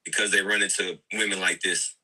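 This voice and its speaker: A man's voice: deep voice, little pitch movement, a little fast, pushed and bright, husky, poor audio. A man co-hosting a livestream reaction, talking earnestly and lecturing, often repeating himself. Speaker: co-host. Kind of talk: casual reaction commentary.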